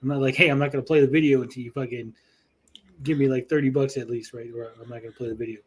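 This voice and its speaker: A man's voice: mid-range voice, steady tone, rapid-fire, husky. A man hosting a casual livestream after-show, talking bluntly and profanely and checking in with "right?" all the time. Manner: blunt, profane, argumentative, asks "right?" often. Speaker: show host.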